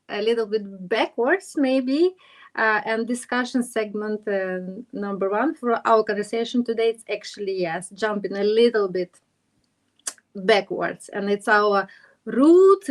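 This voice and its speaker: A woman hosting a podcast interview, effusive and enthusiastic, speaking as a with halting phrasing. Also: medium pitch. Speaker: podcast host.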